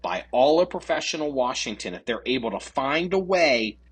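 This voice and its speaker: Man, podcast co-host, casual political chat, profane, lively intonation, husky voice. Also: medium pitch, moderate pace. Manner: profane, animated, mocking voices of others.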